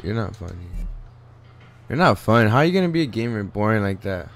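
A man's voice: on the low side, big pitch swings, a little fast. Joking young man trash-talking while gaming. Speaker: gamer. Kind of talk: casual gameplay commentary.

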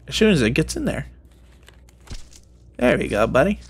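A man's voice: medium pitch, very animated, moderate pace, breathy edge. A man giving playful, rambling gameplay commentary, tossing jokey mock-sinister asides at game characters. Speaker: gaming video creator.

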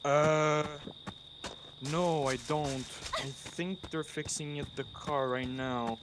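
A man's voice: a little high, steady tone, slow, a bit bright, a little hiss or hum. A man in casual multiplayer game chat, briefing his teammate on what is happening in the game. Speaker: gaming teammate.

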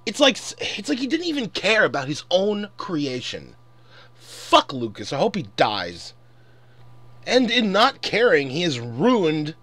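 A man's voice: sits high, a bit bright, dry recording. A man in his twenties ranting angrily and profanely in a casual commentary. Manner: angry, profane, exasperated. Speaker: vlogger.

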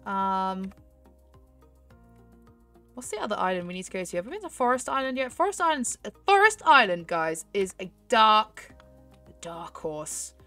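A young woman chatting excitedly to her viewers while she plays a horse game, giggling often. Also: medium pitch, normal speed, pauses often, soft background music. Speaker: gaming YouTuber. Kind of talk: casual gameplay commentary.

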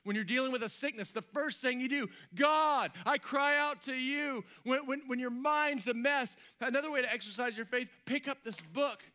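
A man preaching a sermon as pastor, animated and lively, acting out little voices and sound effects. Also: very high voice, a little fast, few pauses. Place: church stage.

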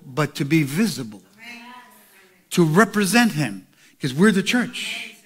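A pastor preaching a sermon, moving from quiet asides to shouted calls to the congregation. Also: male voice, high voice, very animated, takes it slowly, pauses often, husky.

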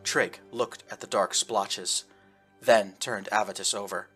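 A man narrating a science fiction audiobook in a steady storytelling way. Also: fairly low pitch, unhurried, soft background music. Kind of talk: scripted narration.

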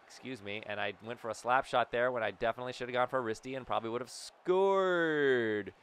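A young man giving excitable live commentary as he plays a hockey video game, urging on his players and talking to himself. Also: mid-range voice, fairly quick, clear, resonant tone. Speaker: gaming YouTuber.

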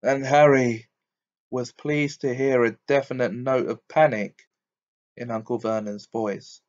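A man reading a novel aloud as a steady audiobook narrator. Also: medium pitch, measured pace, highs cut off. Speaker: audiobook reader.

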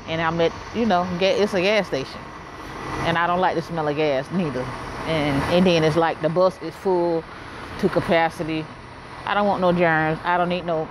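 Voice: medium pitch, noisy background. A vlogger, rambling casually straight to the viewers through a handheld phone camera. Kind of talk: casual vlog talk to viewers.

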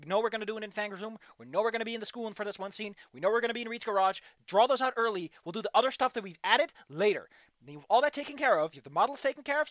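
Woman streamer, fast and excitable, frustrated game critique, dry close mic. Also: medium pitch, no echo. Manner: animated, excitable outbursts. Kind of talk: casual livestream commentary.

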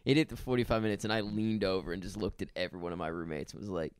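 A man's voice: low voice, steady tone, very fast, smooth, no echo, clean studio sound. A young man co-hosting a podcast, telling exasperated stories about a bad movie with plenty of swearing. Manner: exasperated storytelling, heavy swearing. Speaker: podcast co-host. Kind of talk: casual movie review chat.

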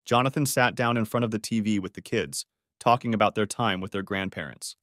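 A man narrating a dramatic audiobook story in an expressive voice, close to the microphone. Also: fairly low pitch, a little fast, no echo.

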